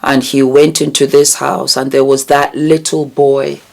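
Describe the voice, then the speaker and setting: A woman hosting her own channel, talking earnestly and emotionally about vulnerability and healing, with deliberate repetitions. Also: rumbling low, level tone, gravelly, a little mellow. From United Kingdom. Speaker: channel host. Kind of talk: reflective commentary vlog.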